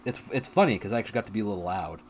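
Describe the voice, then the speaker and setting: A man chatting casually as a guest on a live stream, animated and laughing, his voice a little strained. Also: lowish voice, very fast, slight background noise.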